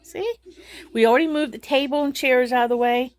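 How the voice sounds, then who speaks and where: A woman's voice: sits high, brisk. A middle-aged woman chatting casually to her vlog viewers, rambling and laughing through her frustration. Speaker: vlogger.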